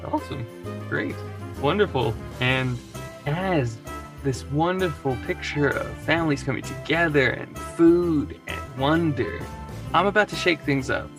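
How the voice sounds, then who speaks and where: A man's voice: a little high, animated, measured pace, over music. A man narrating a tabletop game as game master, rambling and laughing often between lines.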